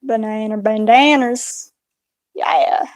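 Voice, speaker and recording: A woman's voice: a little high, fairly even intonation, takes it slowly, darkish tone, no echo. A young woman putting on a joking rural Southern US accent, drawling and playful. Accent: put-on Southern US drawl.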